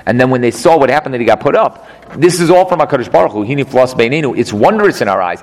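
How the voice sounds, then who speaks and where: A man's voice: mid-range voice, animated, fast talker. A man teaching a text study, explaining and translating verse by verse. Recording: long hall reverb, faint noise.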